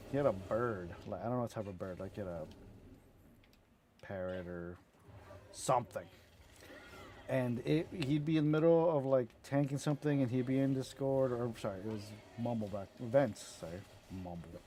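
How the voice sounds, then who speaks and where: Over slight background noise, a man with a mid-range, mellow voice speaks at a normal speed. He's a gaming streamer chatting casually as he plays, telling rambling stories, cursing casually and cracking himself up.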